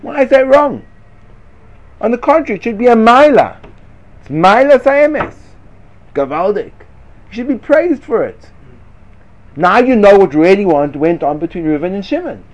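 A man leads a Torah discussion with a combative, questioning drive, pushing back with one rhetorical question after another. His voice sits a little high for a man, and he slips Hebrew and Yiddish study-hall words into his speech. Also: expressive, normal speed, long pauses. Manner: argumentative, fires rhetorical questions; sprinkles Hebrew and Yiddish yeshiva terms. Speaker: Torah teacher. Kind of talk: lively Talmudic-style discussion.

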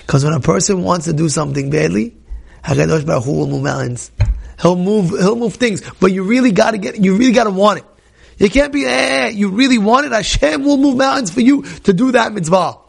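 A young man telling a religious story to a class, excitable, repeating words and acting out the people he quotes. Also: high voice, fairly quick, vocal fry, slightly rough. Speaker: Torah teacher.

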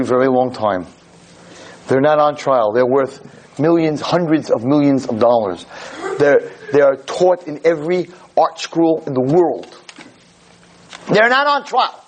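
A man voicing a proper French museum guide who speaks slowly and formally. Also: medium pitch, animated, low-quality recording. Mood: stern. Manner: slow, formal, drawn-out.

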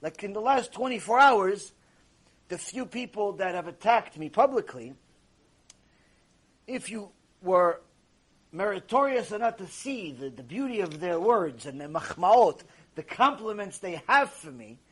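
A rabbi delivering a Torah lecture in a husky, high-pitched man's voice. He argues emphatically and piles up rhetorical questions, his pitch swinging widely. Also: sing-song, unhurried. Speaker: rabbi teaching Torah ethics.

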